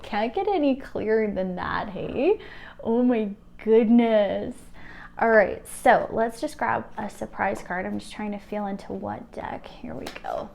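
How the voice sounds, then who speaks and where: A woman's voice: medium pitch, gravelly, a little mellow, slight background noise. A woman giving an intuitive card reading to viewers, gushing and emotional with frequent light laughs. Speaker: tarot reader.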